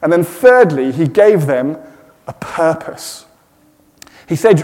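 A middle-aged man giving a sermon, with gentle self-deprecating humour. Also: fairly high pitch, animated, slow, pauses often, long reverb tail. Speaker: preacher. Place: church.

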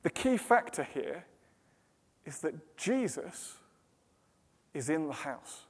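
A British man preaching a sermon, telling a story in a lively way and then dropping to hushed, slow dramatic pauses. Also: a little high, husky. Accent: British English. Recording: long hall reverb.

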